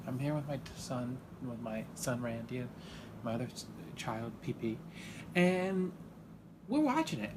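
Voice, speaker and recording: Male comic, dad character, halting deadpan ramble, wide swings in pitch, noisy recording. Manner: rambling and halting, full of fillers, swinging into sudden high excited outbursts. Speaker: comedic character monologue.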